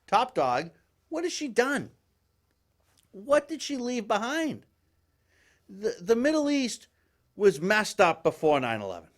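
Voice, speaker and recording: A man hosting a live political talk show, ranting in an animated, exasperated way with frequent restarts. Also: high voice, takes it slowly, long pauses. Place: live studio with guests.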